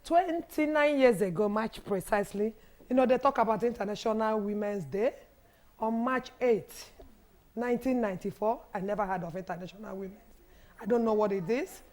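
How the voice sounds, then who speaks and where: A woman in her fifties with a Nigerian English accent and a hoarse voice, telling her personal story haltingly as a guest on a TV panel. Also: mid-range voice, darkish tone. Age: 50s. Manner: halting, restarts and repeats as she recalls. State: hoarse, has lost her voice. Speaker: guest, widows' foundation founder.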